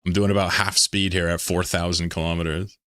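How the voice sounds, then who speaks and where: Low-voiced streamer guy from pennsylvania, rambly and swears a lot, dry close sound. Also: little pitch movement, a little fast, a bit bright, no echo. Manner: rambling, joking, swears freely. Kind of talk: casual live-stream chat while gaming.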